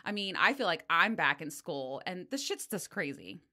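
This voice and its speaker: A middle-aged woman hosts her own podcast and talks through her week in a loose, foul-mouthed way. Her pitch swoops widely as she tells a story, and her voice has a bright, sharp edge. She laughs a lot between lines. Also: moderate pace. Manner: animated and profane, laughs often. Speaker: podcast host. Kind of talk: casual solo podcast storytelling.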